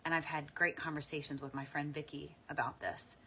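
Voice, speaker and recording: A woman leading a slow guided tapping meditation. She speaks softly and unhurriedly, pausing often for deep breaths and audible sighs. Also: level tone, slight background noise.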